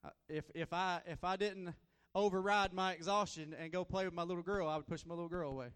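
A man preaching a sermon as a guest preacher, folksy and repetitive, swinging between loud and soft. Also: high-pitched, fairly even intonation, quick pace, clean tone, big-room sound.

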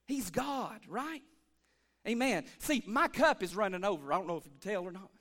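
A man preaching a lively church sermon as pastor, calling for amens and swinging between shouts and hushed asides. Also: high voice, moderate pace. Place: church sanctuary.

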